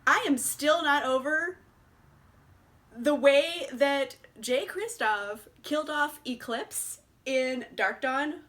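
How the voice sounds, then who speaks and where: A woman's voice: high voice, slow pace, a bit bright, a little hiss or hum. A young woman chatting casually in a book vlog, swearing freely and laughing often. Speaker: booktuber.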